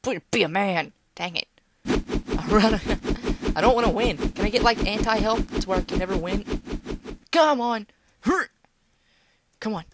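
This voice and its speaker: A young woman gives casual commentary on a game, her pitch leaping all over as she coaxes and scolds the screen. She is recorded at home over a noisy mic with audible hiss. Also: unhurried, pauses often. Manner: animated, talks to the game, playful outbursts. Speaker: gameplay commentator. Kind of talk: casual let's-play commentary. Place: home room.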